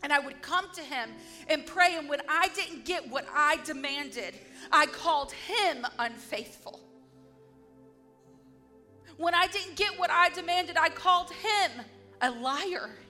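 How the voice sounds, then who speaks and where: Woman, devotional testimony, earnest and emphatic, unhurried delivery, soft music behind. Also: high-pitched, expressive. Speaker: speaker giving a testimony.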